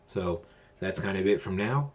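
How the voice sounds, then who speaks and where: A man hosting his own channel, giving advice in a calm, measured, deliberate casual monologue. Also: sits low, slight background noise.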